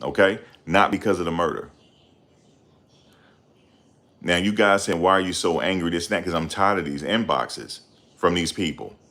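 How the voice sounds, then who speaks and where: A middle-aged man hosting his channel, talking in a loud, confrontational, profane rant. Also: low voice, brisk. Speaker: channel host. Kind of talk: ranting livestream commentary.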